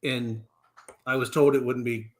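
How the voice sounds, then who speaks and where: A middle-aged man co-hosting a live stream, telling animated anecdotes in a casual chat. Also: medium pitch, a little slow. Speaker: co-host of a real estate live stream.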